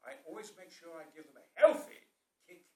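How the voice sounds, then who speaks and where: A man with a Yorkshire accent telling stories about acting in a booming, theatrical way, swinging from a hush to a roar. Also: big pitch swings, brisk. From South Yorkshire, England. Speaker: actor. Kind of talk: theatrical storytelling interview. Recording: roomy sound from a distant mic.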